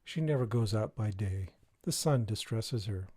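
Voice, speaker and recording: A man's voice: on the low side, expressive, a little slow, dark tone, breathy edge. A man playing a firm, doting king.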